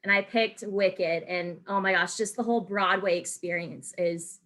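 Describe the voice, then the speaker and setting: A woman's voice: mid-range voice, fairly even intonation, moderate pace, a bit bright. A woman hosting a podcast interview, chatting casually and gushing with enthusiasm. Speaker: podcast host.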